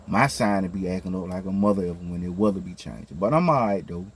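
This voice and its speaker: A man telling a story casually to his viewers, with a slightly scratchy throat from a cold, chatty and animated, often checking in with his listeners. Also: sits low, fast talker, slightly rough. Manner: animated when retelling events. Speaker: vlogger.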